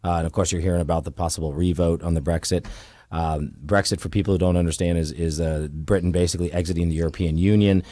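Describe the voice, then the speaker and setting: Deep-voiced man talking on radio. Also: fairly even intonation, fast talker, warm tone, dry recording, studio quality. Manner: easygoing, repeats words when starting. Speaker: radio guest, mortgage lender. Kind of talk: casual radio interview. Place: radio studio.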